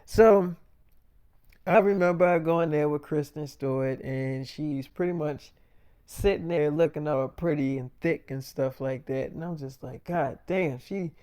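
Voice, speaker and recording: A man tells a story in a loose, rambling monologue, swearing freely and circling back with fillers. His voice sits a little high and sounds smooth and clear. He says he feels lightheaded. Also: a little slow, darkish tone. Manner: loose, profane, repetitive storytelling with many fillers. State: feeling lightheaded.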